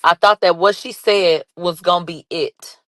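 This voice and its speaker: A woman giving excited live commentary, reading posts and chat aloud, laughing and shouting in bursts. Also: fairly low pitch, normal speed, no room sound. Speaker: commentary vlogger.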